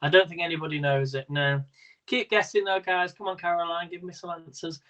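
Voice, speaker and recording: Man, quiz host, chatty, rambling, slightly high voice, live stream. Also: fairly even intonation, fairly quick, fairly bright tone, low-quality recording. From Britain. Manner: chatty and rambling, laughs often.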